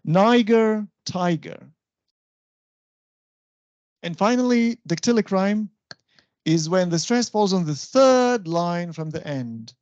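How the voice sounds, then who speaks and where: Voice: medium pitch, expressive, unhurried, a little mellow, muffled recording. A university lecturer teaching an English stylistics class, explaining step by step and often checking that the students follow.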